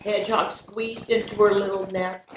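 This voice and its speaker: An older woman, a retired teacher, reading picture books aloud to children in an animated way, with playful sound effects and chatty asides. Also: mid-range voice, moderate pace. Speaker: children's story reader. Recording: echoey room with faint noise.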